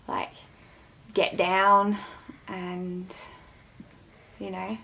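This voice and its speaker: Gravelly flat-voiced woman recounting. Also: mid-range voice, a little slow, rough recording. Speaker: interviewee. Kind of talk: personal testimony.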